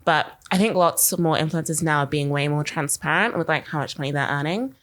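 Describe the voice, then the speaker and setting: Co-hosting a marketing podcast, this young adult woman talks fairly quickly in a low, fairly bright voice. She's chatty and meandering, leaning on "like" over and over.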